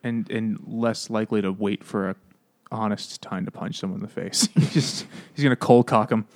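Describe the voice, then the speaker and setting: A man's voice: lowish voice, steady tone, moderate pace, a little mellow. A man co-hosting a casual book-club podcast, laughing often and acting out quotes in a raised voice. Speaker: podcast co-host.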